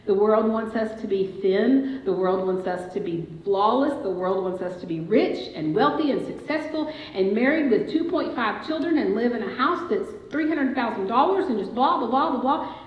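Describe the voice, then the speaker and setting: A woman delivers a sermon in a church sanctuary, her fairly high voice expressive and moderately paced, with hardly a pause. She shares a family story and builds to forceful declarations, captured in a dull, echoing recording.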